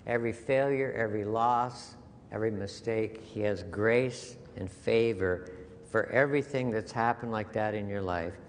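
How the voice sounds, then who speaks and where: A man's voice: fairly low pitch, normal speed. A man preaching a sermon as pastor, earnest and conversational, repeating key phrases for emphasis. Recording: long hall reverb with faint noise.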